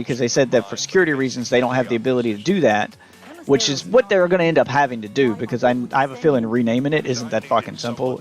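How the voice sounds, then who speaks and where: A man streaming live, telling a long story in a casual, exasperated rant that stumbles and restarts as he gets worked up. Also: medium pitch. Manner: exasperated, animated ranting with restarts.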